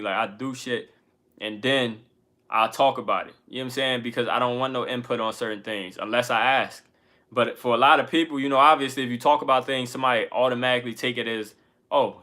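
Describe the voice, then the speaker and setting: Pushed and bright, this man's mid-range voice carries a laid-back pep talk to his viewers. He's a music artist running a channel, speaking candidly in slang full of profanity.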